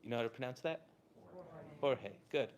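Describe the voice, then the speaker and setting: A man's voice: mid-range voice, normal speed, highs cut off, slight background noise. A man from Southern California, a Torah teacher telling a casual, chatty story to a live audience, full of "like" and "uh".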